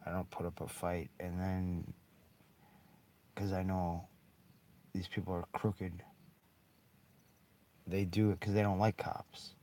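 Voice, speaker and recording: A man's voice: low-pitched, little pitch movement, slow pace, long pauses, a little mellow. A man in a rambling, bitter monologue, swearing heavily and breaking into short laughs. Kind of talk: angry monologue.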